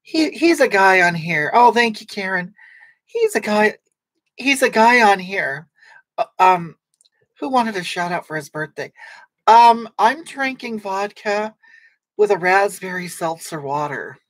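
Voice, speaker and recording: A woman plays a brash, sarcastic livestream comedy character who rambles and snaps back at viewers' comments in an improvised chat, her mood snarky. Her voice is medium-pitched, expressive and a little slow, recorded with no room sound.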